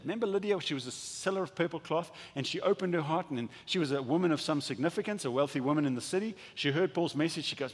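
A man preaching a sermon as pastor, animated and acting out little dialogues, often stumbling and restarting his words. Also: on the high side, quick pace, hardly any pauses, breathy edge. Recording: long hall reverb.

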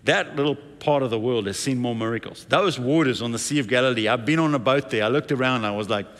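A man preaching a sermon in a relaxed, conversational storytelling voice. His voice sits at an ordinary male pitch. A long reverb trails behind each phrase, as in a large hall. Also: fast.

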